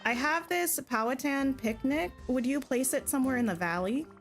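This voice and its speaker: Give me a gentle, earnest young chief's daughter from a video game, read plainly by a woman. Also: high-pitched, lively intonation, normal speed, soft background music, pitched above the performer's own voice. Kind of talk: reading game dialogue aloud.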